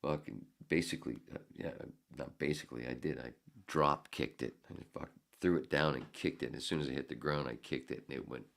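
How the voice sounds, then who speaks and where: A man's voice: rumbling low, fairly even intonation, brisk, gravelly, a bit bright. A man in his fifties, a podcast host, telling a story in a casual, heated and profane way. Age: 50s.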